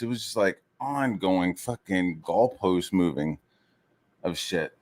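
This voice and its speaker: A man's voice: low-pitched, expressive, slow pace, a little mellow. A man ranting heatedly as a streamer, swearing constantly, with lots of fillers, mocking other people in raised voices. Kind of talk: profane rant.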